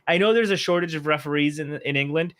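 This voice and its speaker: A man's voice: fairly high pitch, quick pace, fairly bright tone. A man whose first language is Arabic, co-hosting a casual talk show and ranting bluntly. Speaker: co-host. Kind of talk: casual podcast chat.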